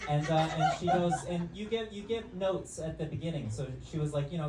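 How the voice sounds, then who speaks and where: A man's voice: high-pitched, brisk, hardly any pauses. A man casually telling a story on a podcast, acting out the voices of the people in it and laughing often. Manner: animated, acts out quotes, laughs often. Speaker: podcast co-host. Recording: echoey room, distant mic, noisy.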